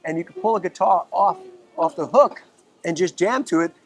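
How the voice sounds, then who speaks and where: Outdoors in a park, a Bronx-born musician guest tells casual stories in a high-pitched voice with a breathy edge and moderate pace. He's animated and profane, performing the quotes as he goes.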